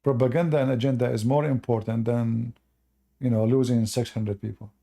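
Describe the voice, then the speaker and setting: A man rambles through viewer questions in a loose livestream chat. His voice is gravelly and dark, sitting at a middle pitch. He trails off and restarts often. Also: fairly even intonation, moderate pace. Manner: rambling, many fillers and restarts. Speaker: religious commentator answering viewers.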